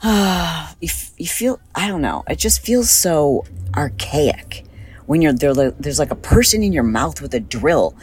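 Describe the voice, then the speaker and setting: A woman podcast host chatting casually in a car, rambling and animated, with a slight lisp from recent dental work. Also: deep voice, moderate pace, few pauses, breathy edge, low-quality recording. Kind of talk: casual chat, recorded on the go.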